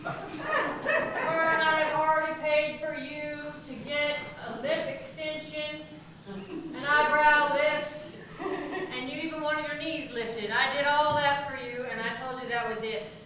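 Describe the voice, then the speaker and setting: A woman's voice: high-pitched, takes it slowly. A woman voicing an exasperated husband who complains about his wife's demands, recorded far off in an echoey, noisy room. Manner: put-upon, complaining. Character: exasperated husband Frank, weary of his wife. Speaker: improv player.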